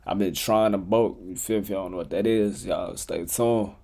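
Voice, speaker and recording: A man's voice: low voice, fairly even intonation, normal speed, gravelly, dark tone. A man reacting to a video as a streamer, laid-back and slangy, laughing as he comments.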